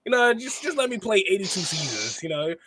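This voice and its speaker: A man's voice: high-pitched, sing-song, fairly quick, bright, forceful tone, slightly rough. Rambling man reviewing wrestling, slangy. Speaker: podcast co-host. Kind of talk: casual wrestling review chat.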